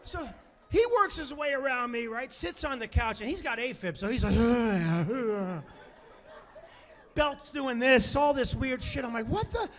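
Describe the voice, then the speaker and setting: A man in his fifties doing stand-up storytelling on stage, animated and profane, acting out other people's voices. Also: extremely high pitch, moderate pace. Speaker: stand-up comedian. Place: comedy stage before an audience.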